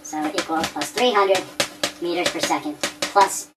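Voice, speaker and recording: A dad doing a fake German scientist. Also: male voice, a little high, moderate pace, heavy background noise, pitched above the performer's own voice, close to an everyday voice. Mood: lecturing. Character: man putting on a German scientist accent. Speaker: physics teacher. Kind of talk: comic physics explainer.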